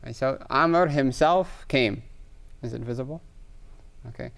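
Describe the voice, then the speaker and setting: A man gives a patient grammar lecture, pausing often to ask "right?" as he works through examples. His voice has a gravelly edge yet stays smooth and clear. He sits at a middling pitch. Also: a bit bright. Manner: explains patiently with frequent "right?" checks, writing examples on a board. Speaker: Arabic grammar teacher. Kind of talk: classroom lecture.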